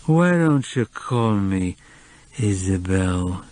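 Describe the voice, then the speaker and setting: A man reading an audiobook, voicing a drunk, sleepy, lonely middle-aged woman who slurs slowly. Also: low-pitched, animated, darkish tone. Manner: slow sleepy whine. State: drunk, slurring.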